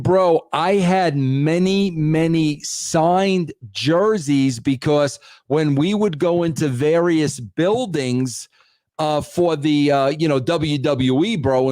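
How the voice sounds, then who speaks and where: A man's voice: fairly high pitch, a little mellow, no room sound. A man hosting a live call-in show in a casual New manner, stumbling over words and calling everyone bro. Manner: casual, says "bro" constantly, repeats words. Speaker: host.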